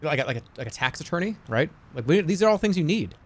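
A man's voice: a little high, big pitch swings, fast talker, slight background noise. A man streaming a game, chatting casually in a rambling, stammering way with plenty of swearing. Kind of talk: casual chat while gaming.

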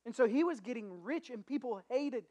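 A pastor retelling a story during a sermon in a casual, animated way, with frequent restarts. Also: medium pitch, normal speed.

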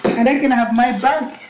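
A young woman, a mother filming a family vlog at home, gushing and exclaiming in casual chat and often laughing. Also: high-pitched. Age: young adult. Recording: noisy home recording.

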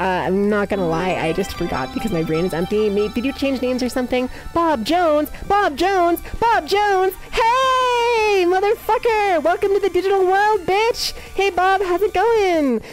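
Excitable swearing woman streamer. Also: on the high side. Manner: swearing, laughing, loud outbursts. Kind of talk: casual live-stream chat with viewers.

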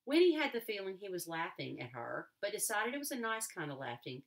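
A woman teacher reading a novel aloud to a class, expressive, with occasional restarts. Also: mid-range voice, a little fast.

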